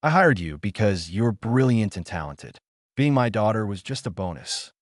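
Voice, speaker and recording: A man voicing a secretive middle-aged father who pleads earnestly, read in a dry, lowish voice. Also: sing-song, moderate pace, no echo. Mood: pleading.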